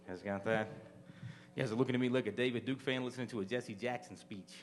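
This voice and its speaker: A man's voice: medium pitch, fairly even intonation, fast talker, a little hiss or hum. A young man doing a live stand-up set, chatting loosely with the audience and throwing questions at them. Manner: loose, conversational crowd work, asks the audience questions. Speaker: stand-up comedian. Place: small live venue with audience.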